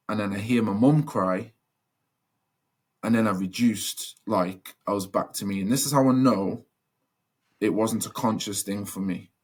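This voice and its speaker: A man's voice: on the low side, darkish tone. A young man telling a personal story as a podcast guest, earnest and reflective, with many fillers and restarts.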